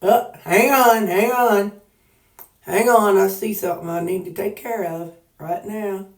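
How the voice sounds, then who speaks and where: A woman's voice: mid-range voice, fairly even intonation, a little slow, roomy sound, recorded from a distance. A woman with a Southern US accent chatting casually to her followers, folksy, joking and rambling as she talks. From Missouri. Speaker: weight-loss vlogger. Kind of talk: casual chat to camera.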